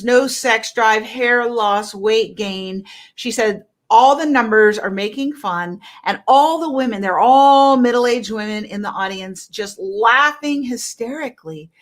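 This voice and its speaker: A woman's voice: a little high, a bit bright. A middle-aged woman health coach talking to viewers on a live stream, emphatic and persuasive, often tagging her points with "right?".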